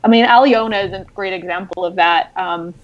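A woman novelist talking casually about her writing, animated and excited, with many fillers. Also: medium pitch, fairly quick, lo-fi sound. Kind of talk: casual podcast chat.

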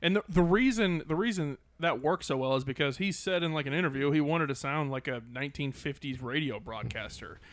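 A young man in casual, animated chat about movie casting, insistent and laughing often. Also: fairly high pitch, fairly quick, hardly any pauses, no echo.

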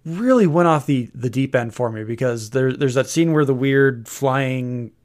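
A man's voice: mid-range voice, measured pace, darkish tone. Man casually critiquing a film. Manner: critical, picks apart dialogue. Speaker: podcast co-host. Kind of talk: casual film review chat.

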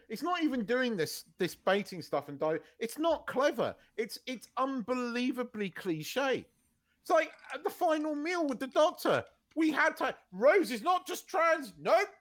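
A man's voice: extremely high pitch, fairly bright tone. A man co-hosting a podcast in casual chat, ranting hard, swearing and repeating himself. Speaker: podcast co-host.

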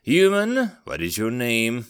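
A man voicing a haughty, ageless high elf who talks in a melodic, high, condescending way. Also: wildly swooping pitch, slow pace, fairly bright tone, smooth, no room sound, studio quality, heavily acted.

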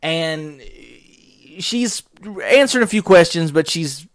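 A man's voice: on the high side, animated, slow, no echo, studio quality. A man hosting a podcast, telling a rambling comic story in a crude, digressive way and laughing at his own jokes. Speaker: podcast host.

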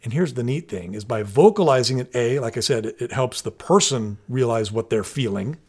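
A man's voice: mid-range voice, expressive, brisk, a little mellow, husky. Middle-aged male co-host, earnest and chatty, explains in steps. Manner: earnest, explains step by step with many restarts. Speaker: parenting podcast co-host. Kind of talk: casual conversational explaining.

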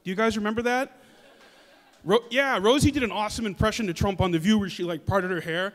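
A man's voice: high voice, brisk, fairly bright tone. A man in his thirties doing a stand-up comedy set, chatty and self-deprecating with some hesitations. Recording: long hall reverb.

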